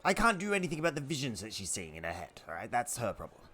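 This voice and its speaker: A man's voice: mid-range voice, huge pitch swings, fast, pushed and bright, husky. A man speaking in character in a tabletop game, with wry, defensive humor. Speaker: player.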